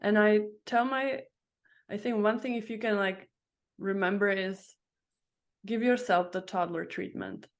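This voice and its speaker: A woman's voice: mid-range voice, fairly even intonation, unhurried. A woman in her thirties, a podcast guest, telling her story in a reflective, searching way. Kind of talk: casual interview chat.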